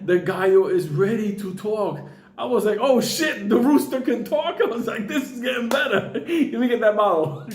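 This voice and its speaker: A man with a high voice telling a raucous comic story, animated, swearing freely and breaking into laughter along the way. His voice rings in an echoey room. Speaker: comedian storyteller.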